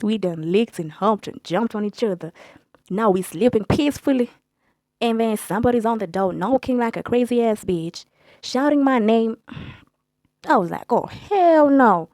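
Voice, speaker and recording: A young woman telling a story in a blunt, profane, animated way as a storytime vlogger. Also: a little high, no room sound. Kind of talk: casual storytelling.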